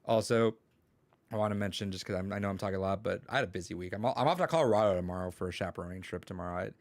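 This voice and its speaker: A young man racing through his words in a low-pitched voice tells rambling, curse-laden stories with quoted dialogue in a casual podcast chat. He's a co-host and a teacher, and the recording is dry.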